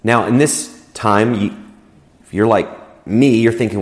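A male pastor preaching in a casual, conversational way. His voice sits at an ordinary middle pitch, and he talks through scripture at an easy pace, often doubling back on his own words mid-thought. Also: moderate pace. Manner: relaxed, repeats words while explaining. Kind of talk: conversational sermon.

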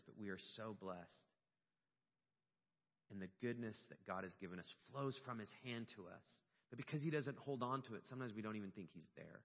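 Pastor preaching in a reverberant hall. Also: male voice, on the low side. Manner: storytelling, animated and emotional at peaks. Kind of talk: sermon. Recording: dull lo-fi sound with long hall reverb.

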